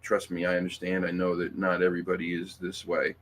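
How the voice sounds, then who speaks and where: A man's voice: deep voice, monotone, a little fast, a little hiss or hum. A man hosting a casual livestream, reading viewer comments and talking in a rambling, emphatic way with lots of fillers, restarts and swearing.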